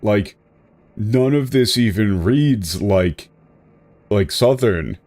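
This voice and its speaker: Rambling low-voiced male streamer. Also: animated, slow pace, darkish tone, no room sound. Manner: rambling, self-correcting, exasperated. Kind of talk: casual livestream commentary.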